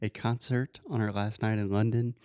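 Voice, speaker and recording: A woman, co-hosting a casual podcast and telling travel stories in a relaxed way. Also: rumbling low, normal speed, no room sound. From Brazil. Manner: relaxed storytelling, explains terms. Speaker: podcast co-host. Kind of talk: casual chat.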